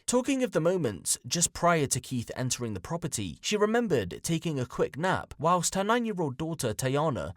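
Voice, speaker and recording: A man narrates true crime in a measured, grave, scripted way. His pitch moves a lot as he tells the story. The recording is dry and close. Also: no room sound.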